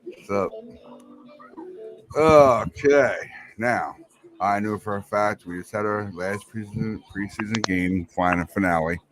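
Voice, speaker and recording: A man's voice: lowish voice, measured pace, long pauses, music in the background, rough recording. A man hosting a casual sports chat, greeting his co-hosts in a laid-back way. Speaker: podcast host.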